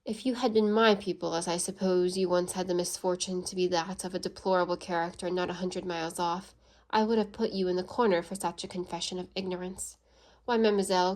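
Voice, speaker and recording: A woman's voice: medium pitch, a little mellow, lightly acted. Woman reading as a sneering scornful Englishman.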